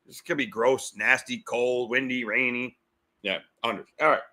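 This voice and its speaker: A middle-aged man hosting a sports betting podcast, talking fast and fired up, repeating himself. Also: medium pitch, fairly even intonation, sharp tone.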